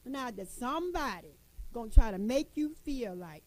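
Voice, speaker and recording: A woman's voice: fairly high pitch, expressive, normal speed, a little mellow, low-quality recording. A middle-aged woman giving a motivational talk to women, folksy and emphatic, repeating her points and calling listeners honey. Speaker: motivational speaker addressing women.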